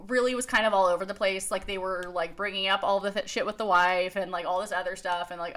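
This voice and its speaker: A woman's voice: medium pitch, fairly even intonation, quick pace, hardly any pauses, fairly bright tone. A woman co-hosting a casual podcast, chatting loosely with many fillers and frequent laughter. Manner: laughs often, heavy use of "like", swears casually. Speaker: podcast co-host. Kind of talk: casual chat.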